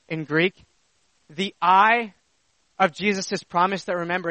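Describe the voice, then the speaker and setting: Guy preaching a sermon, high bright voice, walks through grammar point by point, dry close sound. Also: no echo, rough recording. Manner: emphatic, teacherly, explains Greek grammar step by step.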